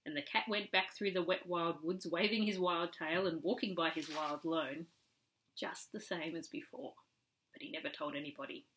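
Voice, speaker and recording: A woman's voice: on the low side, normal speed, a bit bright, slight background noise, poor audio. A woman reading a classic storybook aloud to a small child, rhythmic and storytelling.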